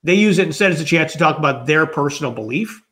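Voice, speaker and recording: High-voiced man musing aloud. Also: animated, fast talker, fairly bright tone. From Minnesota, USA. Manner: thoughtful, rambling, musing aloud. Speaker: guest, customer experience author. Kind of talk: conversational interview answers.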